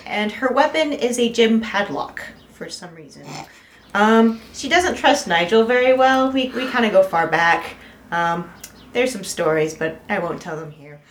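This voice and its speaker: A woman's voice: mid-range voice, animated, measured pace, echoey room. A woman player introducing her game character, hesitant with many ums.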